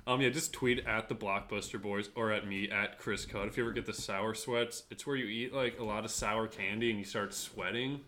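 A young man co-hosting a podcast with a fairly low voice. He jokes and rambles through casual chat, with a lot of "like". He tells stories loosely and keeps the tone light. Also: fairly even intonation, a little fast, few pauses, bright, forceful tone. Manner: joking, rambling, lots of "like". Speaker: podcast co-host.

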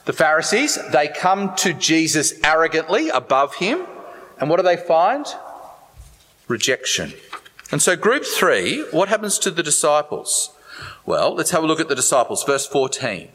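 Animated preacher in echoing hall. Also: male voice, a little high, moderate pace. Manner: animated, conversational preaching with asides to listeners. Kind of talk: sermon. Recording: long hall reverb.

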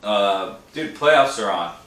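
A man's voice: fairly low pitch, lively intonation, takes it slowly, a bit bright, recorded from a distance. A young adult man co-hosting a podcast, trading profane, teasing banter in casual chat. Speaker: podcast co-host. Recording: echoey room, away from the mic.

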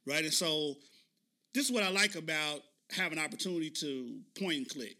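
A man hosting a podcast, telling a story in a casual, animated way and often asking listeners "right?". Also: fairly high pitch, normal speed. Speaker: podcast host.

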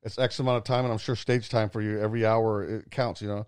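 A man's voice: lowish voice, level tone, fast talker, smooth, no room sound, studio quality. A man co-hosting a casual podcast, talking reflectively with many hesitations and fillers. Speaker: podcast co-host, artist.

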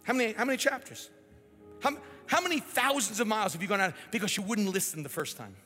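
A male pastor preaching a sermon in a church, animated and swinging between loud and hushed. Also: high voice, fast talker, in a large hall, faint music behind. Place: large church hall.

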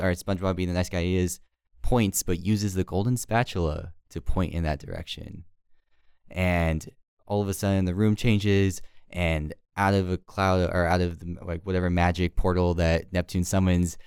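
A man retells a cartoon episode for his co-host in a loose, rambling way. His voice is very low and smooth, recorded close and dry. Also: darkish tone, no room sound. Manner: rambling, filler-heavy storytelling. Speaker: podcast co-host. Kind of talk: casual episode recap.

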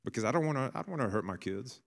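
A man in his thirties preaching a sermon as a pastor, telling family stories and building to bursts of excitement. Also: mid-range voice, very fast, in a large hall.

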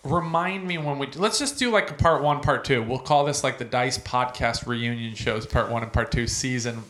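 A man co-hosting a podcast, telling a swearing, animated story in casual chat. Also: medium pitch, moderate pace, slight background noise. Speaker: podcast co-host.

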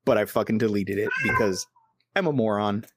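A man hosting a podcast, telling stories in a casual, animated way and swearing constantly. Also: on the low side, brisk, slightly rough, no echo. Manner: animated, heavily profane. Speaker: podcast host. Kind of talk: casual storytelling chat.

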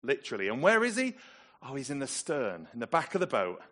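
A man from England preaching a sermon, telling the story with lively, dramatic emphasis. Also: mid-range voice, fairly quick.

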